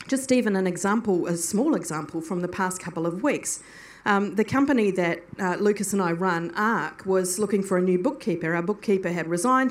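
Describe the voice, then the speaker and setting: Animated woman telling a faith story. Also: medium pitch. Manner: animated storytelling, acts out her own prayers. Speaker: Christian teacher. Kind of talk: sermon-style personal testimony.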